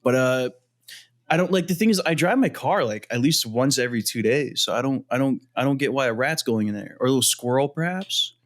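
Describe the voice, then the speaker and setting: A man chatting as a podcast guest in a loose, jokey way. He rambles, restarts his sentences and piles on fillers. His voice sits at an ordinary middle pitch. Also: lively intonation, fairly quick. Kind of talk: casual podcast chat.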